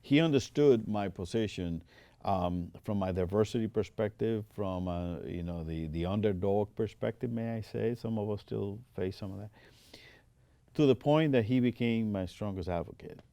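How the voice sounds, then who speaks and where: An older man with a low voice and a Spanish accent speaks at normal speed, his tone warm, with no room sound. He is an Air Force veteran telling stories in an interview studio, quoting dialogue and often restarting.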